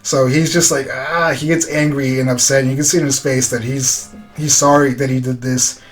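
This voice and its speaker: Male reviewer, laid-back rambling recap, average pitch, soft music bed. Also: level tone, fairly quick. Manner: loose, filler-heavy retelling with quoted dialogue. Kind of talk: casual recap of a show episode.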